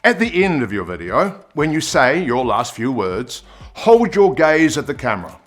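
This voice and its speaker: A man giving an on-camera presenting lesson, expressive and demonstrating pitch and pace as he explains. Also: normal speed, faint music behind. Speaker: presenter coach.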